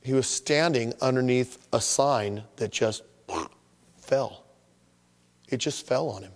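The sound is big-room, carrying a pastor's medium-pitched voice as he takes his sermon slowly. With animated energy, he performs the voices of people who complain about their troubles.

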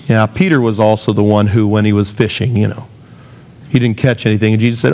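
A man's voice: lowish voice, steady tone, fast talker, a little mellow. A man preaching a sermon in a casual, conversational way, acting out the voices of the people he quotes. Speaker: pastor.

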